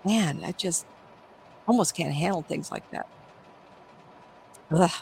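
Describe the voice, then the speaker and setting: A woman's voice: on the low side, takes it slowly, gravelly, a little mellow, slight background noise, rough recording. A middle-aged woman, a psychic medium, telling stories animatedly in an interview and acting out the voices. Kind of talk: conversational interview storytelling.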